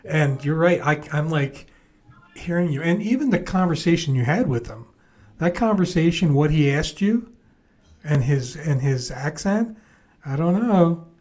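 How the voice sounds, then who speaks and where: A man's voice: a little high, expressive, a little slow, darkish tone. A man hosting a podcast, reacting to a guest's story with eager comments. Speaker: podcast host. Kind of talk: interview reactions.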